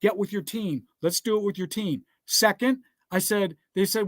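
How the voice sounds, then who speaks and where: High-voiced emphatic motivational speaker man. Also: moderate pace, dry recording. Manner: emphatic preacher-like, urging listeners to write things down; repeats rhetorical "guess what?" and "all right?". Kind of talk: motivational business talk with scripture.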